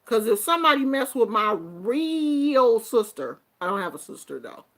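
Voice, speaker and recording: Speaking at a normal pace, a middle-aged woman vlogger reads viewers' comments during a casual livestream chat. Her delivery is sassy and animated, moving between hushed mutters and loud outbursts.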